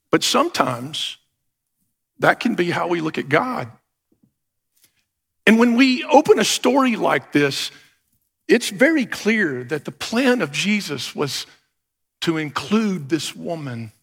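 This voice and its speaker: A middle-aged man preaching from a pulpit, his voice high-pitched, bright and edged with gravel. He tells stories and prays, swinging from loud bursts to hushed asides. A long reverb of a large church hall trails behind every phrase. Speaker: pastor. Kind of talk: sermon with scripture reading and prayer.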